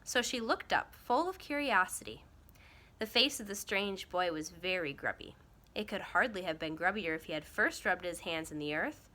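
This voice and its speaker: A woman reading a children's novel aloud with an expressive storytelling lilt. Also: medium pitch. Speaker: storybook reader.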